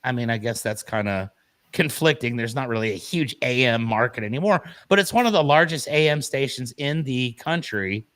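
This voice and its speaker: A man's voice: medium pitch, expressive, normal speed, a bit bright. A man co-hosting an online morning show, chatting casually and telling stories straight to his viewers. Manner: chatty, tells stories and talks to "folks". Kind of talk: casual chat.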